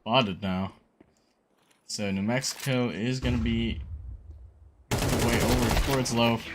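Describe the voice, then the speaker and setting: A man calling a college esports final play by play, his voice jumping up on big plays. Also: medium pitch. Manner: excitable, rises sharply on big plays. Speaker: esports caster. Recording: game gunfire and clicks behind the voice.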